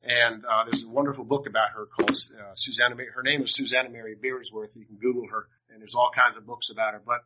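Talking fast with hardly any pauses, an older Washington, D.C. man shares personal stories with a class in a rambling, funny, self-interrupting way. His voice is medium-pitched and steady, with background noise audible.

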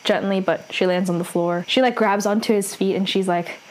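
A woman's voice: medium pitch, steady tone, a little mellow, rough recording. A young woman casually retelling a drama's plot, filling her sentences with "like" and "um". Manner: chatty, fills every pause with "like" and "um". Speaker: drama recapper. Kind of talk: casual story recap.

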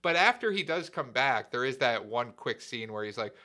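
Casting: man, bright, forceful voice, casual movie-talk co-host, animated. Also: mid-range voice, normal speed. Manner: animated, acts out quotes from the film. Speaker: podcast co-host.

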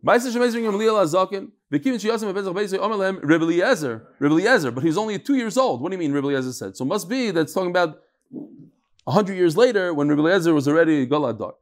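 Quick and animated, his high voice carries a daily Talmud class where he unpacks the text in everyday speech laced with Hebrew and Yiddish learning terms, dramatizing the exchanges as he goes.

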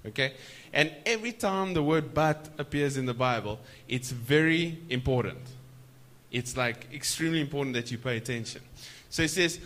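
A man preaching a sermon at a church conference, stretching key words slowly for emphasis and prompting the audience to answer back. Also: medium pitch, lively intonation, a bit bright.

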